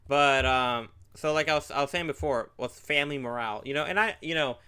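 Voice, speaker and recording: Earnest podcast host with a bright, smooth voice. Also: male voice, medium pitch, fairly quick. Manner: earnest, full of "you know" fillers. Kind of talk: casual podcast chat.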